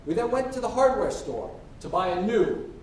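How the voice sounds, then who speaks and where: A man giving a storytelling speech as a contestant at a public speaking competition, acting out the quoted dialogue. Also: normal speed. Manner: lively, acts out quoted dialogue. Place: hall. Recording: echoey hall from far off with faint rumble.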